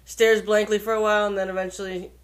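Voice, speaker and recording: A woman's voice: mid-range voice, flat delivery, fast. A woman co-hosting a podcast in casual chat, crude and laid-back, laughing often. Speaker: podcast co-host.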